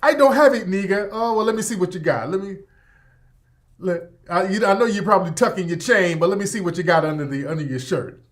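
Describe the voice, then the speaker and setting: A man with a voice pitched high for a male talks in a loose, animated monologue as a radio host. He jokes, swears freely and uses a lot of slang. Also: fairly quick. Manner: animated, joking, profane, street slang. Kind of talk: casual monologue commentary.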